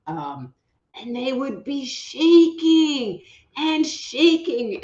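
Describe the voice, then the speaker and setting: A woman's voice: on the low side, mellow, dull audio. Chatty woman hosting a live show, roomy sound. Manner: chatty and rambling, calls out audience members by name. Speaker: psychic reader hosting a live online show. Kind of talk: casual live-stream chat.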